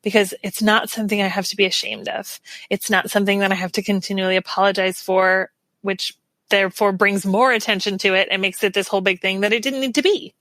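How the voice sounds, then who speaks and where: A woman with a bright, clear voice speaks as a podcast guest. She is earnest and reflective and often laughs softly, recorded on a dry, close mic. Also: mid-range voice, fairly even intonation, quick pace, dry recording. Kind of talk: casual interview chat.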